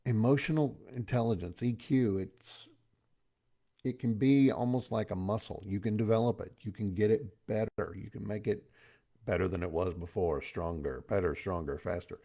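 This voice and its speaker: A man's voice: on the low side, moderate pace, dark tone. A middle-aged man giving a casual motivational talk as host, chatty and folksy, with pop-culture asides.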